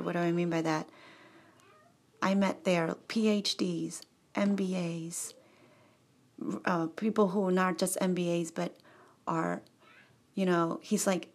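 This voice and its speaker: Chatty, digressive woman telling a story. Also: on the low side. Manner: digressive, self-interrupting, laughs often; animated and chatty. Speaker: vlogger. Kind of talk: rambling personal storytelling.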